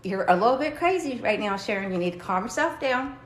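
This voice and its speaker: A woman voicing God as a calm, teasing, fatherly guide who is playfully blunt. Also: mid-range voice, brisk, natural voice. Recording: roomy, echoey room.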